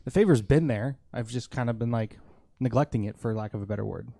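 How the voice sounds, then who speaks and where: A man's voice: medium pitch, fast, vocal fry, dark tone, no room sound, clean studio sound. A man co-hosting a casual faith talk, thoughtful and hesitant, with many ums. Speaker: podcast co-host.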